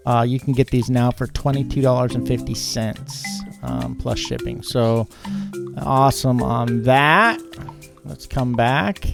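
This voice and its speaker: A man's voice: medium pitch, a little slow, vocal fry, music in the background. A man co-hosting a live online show, chatting loosely with many fillers while running a giveaway. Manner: chatty, rambling, lots of fillers. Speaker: co-host of a live fish-keeping show. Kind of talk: live-stream chat with giveaways.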